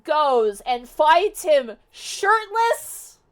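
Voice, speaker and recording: A young woman streamer casually retelling a novel for her chat, animated and exasperated, swearing freely. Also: high-pitched, drawn-out words. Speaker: VTuber streamer. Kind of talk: casual livestream book retelling. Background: faint music.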